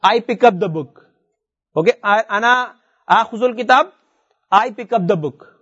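High-voiced man teaching Arabic. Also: normal speed, a bit bright, husky, highs cut off. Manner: explains step by step, repeats words, reads Arabic verses aloud. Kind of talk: classroom lesson.

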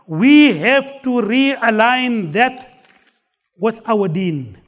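High-voiced man preaching a sermon. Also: lively intonation, drawn-out words, fairly bright tone. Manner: emphatic, recites scripture, repeats key phrases. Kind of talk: sermon with storytelling.

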